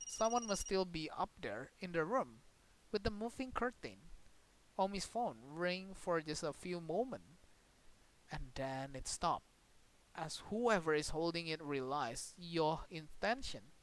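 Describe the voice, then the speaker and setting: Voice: mid-range voice, animated, unhurried, low-quality recording. Streamer reading dramatically. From Indonesia. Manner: dramatic reading with sudden loud outbursts and asides. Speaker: game streamer. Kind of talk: reading a visual novel aloud on stream.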